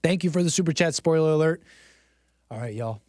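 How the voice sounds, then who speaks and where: A man's voice: fairly high pitch, lively intonation, a little fast, darkish tone, no echo, clean studio sound. A man hosting a live-streamed commentary show, talking in a theatrical, mock-dramatic way and repeating phrases for effect.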